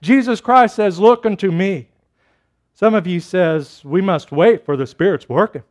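An earnest lay preacher, put on by a male pastor mid-sermon pleads and urges in a high voice. He leans hard on each repeated word and grows loud and insistent. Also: a little slow. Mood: pleading. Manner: pleading, emphatic, rising louder.

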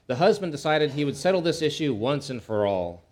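A man's voice: on the high side, sing-song, a little fast, darkish tone. A man preaching as a pastor, opening with a folksy anecdote and talking in a plain, conversational way with frequent restarts and repeated words. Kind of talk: sermon.

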